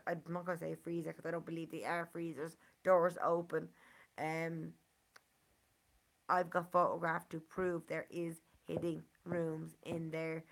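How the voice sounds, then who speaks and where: An Irish woman with a Dublin accent speaks in an unhurried, earnest monologue. Her voice sits a little low and has a gravelly fry to it. She leans on "you know" again and again as she talks. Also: fairly bright tone. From Ireland. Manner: earnest, repeats 'you know' often. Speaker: community member speaking to a channel. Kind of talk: casual monologue.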